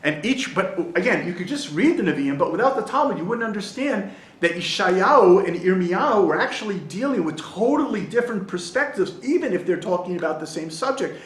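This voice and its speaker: Animated rabbi teaching in an echoey hall. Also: male voice, high voice, brisk, a little hiss or hum. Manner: animated storyteller, tells jokes and acts out voices. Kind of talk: Torah class lecture. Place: study hall in Jerusalem.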